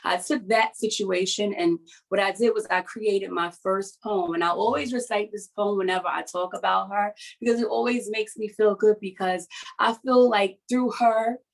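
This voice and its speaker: Hosting a support session over video call, a female writer tells something personal, unhurried, earnest and halting, almost confessional. She has a middle-pitched voice with vocal fry and fairly even intonation, and the recording is rough.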